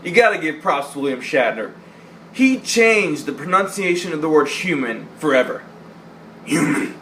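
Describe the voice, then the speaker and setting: A man's voice: fairly high pitch, expressive, moderate pace, fairly bright tone, a little hiss or hum. A young man casually counting down favorite movie lines, joking, swearing, and putting on voices for the quotes. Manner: profane, jokey, quotes lines in goofy voices. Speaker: vlogger. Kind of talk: casual movie-list vlog.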